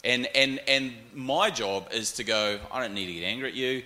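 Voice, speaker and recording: Man, New Zealand accent, forties, panel storyteller, sharp voice, roomy echo. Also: medium pitch, normal speed. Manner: animated, acts out voices in anecdotes.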